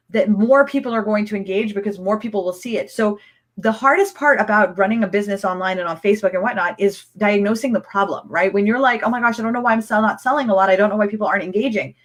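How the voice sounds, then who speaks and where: Excitable chatty woman coaching live. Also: medium pitch. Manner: excitable, chatty, rambling with restarts. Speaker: online business coach. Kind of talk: live-streamed training answering viewer comments.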